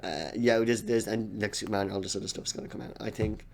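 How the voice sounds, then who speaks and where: A man's voice: fairly low pitch, steady tone, fast talker, gravelly. A man co-hosting a podcast, chatting casually about movies with hesitant, stammering restarts. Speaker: podcast co-host. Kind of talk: casual movie review chat.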